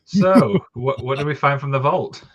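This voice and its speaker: A man's voice: mid-range voice, normal speed. A man chatting casually, chipper and giggly. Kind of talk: casual chat. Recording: dull lo-fi mic.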